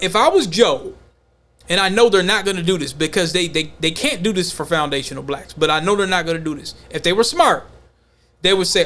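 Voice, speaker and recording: A man hosting a podcast, talking in a loose, slangy, animated way in casual chat. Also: high-pitched. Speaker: podcast host.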